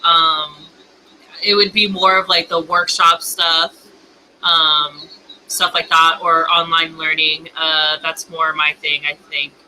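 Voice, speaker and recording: A woman in a casual group chat, hesitant and filling pauses with ums. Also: deep voice, flat delivery, bright, forceful tone, a little hiss or hum, rough recording. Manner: hesitant, many fillers. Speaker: panelist.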